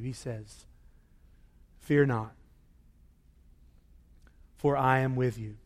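High-voiced pastor preaching in a reverberant hall. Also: male voice. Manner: builds from quiet reading to loud emphatic repetition. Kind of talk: sermon.

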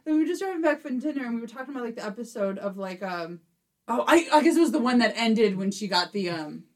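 A woman's voice: a little high, expressive, quick pace. A young woman hosting a podcast, chatting casually, rambling through a story with frequent laughs. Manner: rambling storyteller, laughing often, voice jumps up when quoting. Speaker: podcast host. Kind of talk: casual chat.

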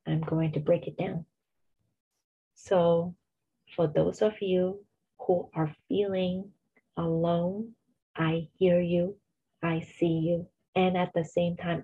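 A woman's voice: on the low side, slightly rough, muffled recording. A woman in her forties hosting a motivational solo podcast, earnest and reassuring, often repeating her key phrases. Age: 40s. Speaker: podcast host and coach.

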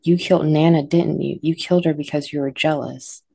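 A woman's voice: deep voice, steady tone, a little fast, gravelly, mellow, husky, no room sound, full character voice. A woman reading the part of a frantic, grieving mother who screams accusations at her daughter. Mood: furious. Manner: pleading then screaming accusations.

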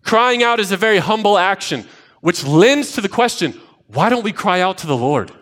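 Pastor, man, 30s, higher register, animated storyteller who builds to emphatic, repeated lines. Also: normal speed. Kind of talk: sermon with personal stories.

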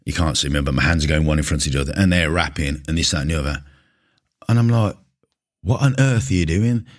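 A man's voice: a bass voice, quick pace. A middle-aged man, a gym coach, ranting casually to camera in a blunt, indignant, sweary way. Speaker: gym coach and podcast host. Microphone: camera mic at close range.

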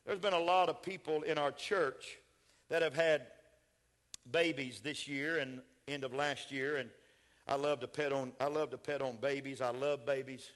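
An older man, a pastor preaching a sermon, swinging from shouted, rising builds to soft, folksy storytelling. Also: medium pitch, steady tone, normal speed.

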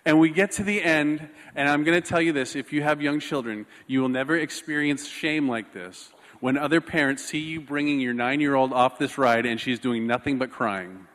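A man preaching a sermon, telling a personal story in an animated, self-mocking way. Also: a little high, normal speed, few pauses, in a large hall. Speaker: pastor.

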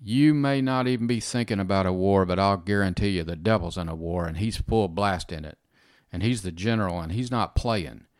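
A man's voice: low voice, brisk, no room sound, clean studio sound. A man giving informal, earnest Bible teaching in conversation, repeating phrases and often saying "you know" and "amen".

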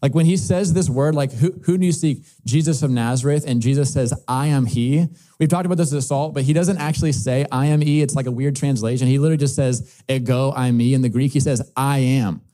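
A man's voice: medium pitch, fairly even intonation, a little fast, dark tone. A man preaching a sermon, reading scripture aloud and explaining it in a loose, conversational way full of casual filler words. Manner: conversational, uses many filler likes.

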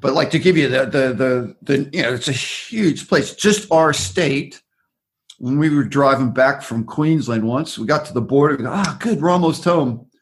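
An Australian man with an ordinary, mid-pitched voice, telling stories in a casual interview. He rambles and restarts often, winding his way through long explanations. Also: moderate pace, a little hiss or hum. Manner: rambling, loose storyteller with frequent restarts. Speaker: interview guest, former aerial survey worker.

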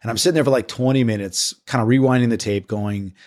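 Guy on a podcast, lively storytelling, does little voices, casual. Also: mid-range voice, fast, few pauses. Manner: animated storytelling, mimics voices. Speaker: podcast co-host.

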